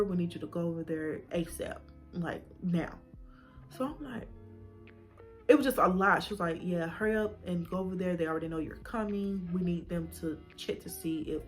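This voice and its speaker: Young woman telling a storytime, kinda low voice, gets emotional and whispers, soft music behind. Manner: emotional retelling, acting out quoted dialogue, drops to whispers. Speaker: vlogger. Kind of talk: personal storytime vlog.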